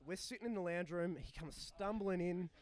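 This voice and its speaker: A young man telling a tour story with swearing, acting out voices and shouting punchlines. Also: high voice, moderate pace. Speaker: touring musician guest. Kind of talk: animated storytelling. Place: live recording in a bar.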